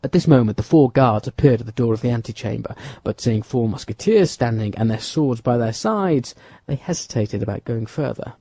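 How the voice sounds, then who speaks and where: Husky male audiobook narrator. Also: medium pitch, lively intonation, brisk, hardly any pauses, mellow, no room sound. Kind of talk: scripted narration.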